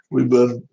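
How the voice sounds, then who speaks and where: A man with a Southern American drawl hosts a tabletop baseball replay in a relaxed, chatty way. He calls each play loosely, wanders into stories and laughs at himself often. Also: mid-range voice, vocal fry, highs cut off. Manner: chuckles often, rambling, self-deprecating. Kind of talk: casual play-by-play chat.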